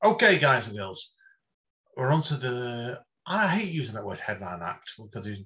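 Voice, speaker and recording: A man's voice: mid-range voice, sing-song, normal speed, pushed and bright. A British man hosting an online open mic, chummy and casual, calling everyone mate. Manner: chummy, says "mate" a lot. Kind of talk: casual hosting on a video call. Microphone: video call.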